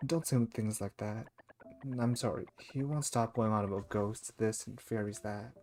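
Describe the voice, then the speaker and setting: A man's voice: fairly low pitch, moderate pace, a little mellow, faint music behind, natural voice. A man voicing an uneasy young girl. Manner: uneasy, earnest. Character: worried young refugee girl.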